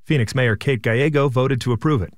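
A man reporting for a radio news station, reading a scripted news story in an even, measured way. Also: medium pitch, no room sound, clean studio sound.

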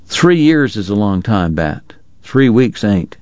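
A blunt, dogged Old West lawman who talks steadily and won't let a point go, as a male narrator plays him. His lively delivery sits in a dry, slightly dull audiobook recording. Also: lowish voice, slow, no room sound. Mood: insistent.

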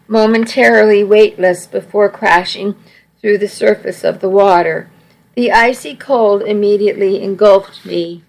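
A woman narrates a first-person story with a wry, self-mocking touch. She reads slowly and evenly at a middle pitch, with a noticeable gravelly fry at the ends of her phrases. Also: low-quality recording. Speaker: audiobook narrator.

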